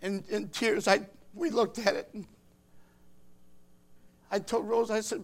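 An older man, a grandfather, rambles through a personal story, his speech halting with frequent restarts. His voice sits high and his delivery is flat.

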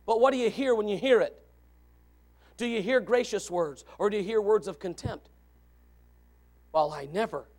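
A man preaching a sermon, jumping between loud shouted lines and low murmured asides, with a gravelly edge to his voice. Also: normal speed. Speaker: pastor.

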